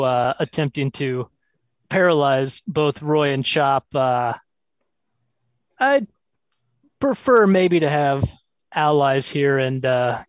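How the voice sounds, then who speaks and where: A man's voice: medium pitch, no room sound. A man playing in a tabletop game, chatting casually and describing his character's actions. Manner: casual, slips into character lines. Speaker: player.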